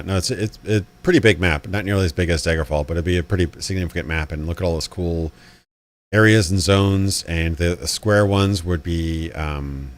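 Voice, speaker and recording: A man hosting a casual live commentary stream, rambling with fillers and restarts. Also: low voice. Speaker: channel host.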